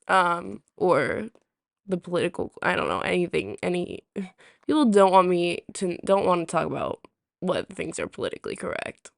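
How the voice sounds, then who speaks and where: Woman streamer, casual live chat, throat a little rusty and sore, gravelly fry, unhurried rambling delivery. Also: lowish voice, no room sound, clean studio sound. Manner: rambling, full of ums and restarts.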